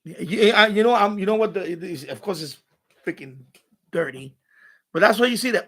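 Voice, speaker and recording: A man's voice: high-pitched, fairly quick, fairly bright tone. A man hosting a home live stream from his radio room, rambling and ranting with profanity and mocking asides.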